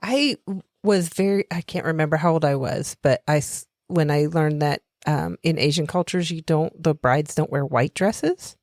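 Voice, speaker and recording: Woman from north carolina, lowish voice, dry close mic, laughing, playful co-host. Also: normal speed, few pauses, darkish tone, dry recording. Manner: laughs often, playful and self-deprecating. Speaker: podcast co-host. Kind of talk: casual chat.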